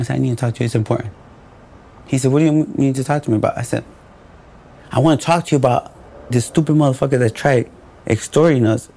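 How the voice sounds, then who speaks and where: A man's voice: medium pitch, fast, darkish tone. A man telling his own story in a podcast interview, acting out the dialogue in a blunt and profane way.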